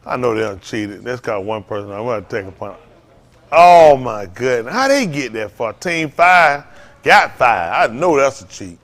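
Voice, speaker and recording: An older man preaching an informal sermon, folksy and animated, telling stories with lots of repetition. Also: mid-range voice, normal speed. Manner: folksy, animated, Southern Black church vernacular, repeats himself. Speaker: pastor.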